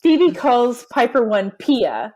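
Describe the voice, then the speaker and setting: A woman's voice: on the high side, big pitch swings, slow, warm tone, lo-fi sound. A woman co-hosting a podcast, recapping a book in casual chat with indignant asides. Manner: chatty, indignant asides, retells scenes with quoted lines. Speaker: podcast co-host.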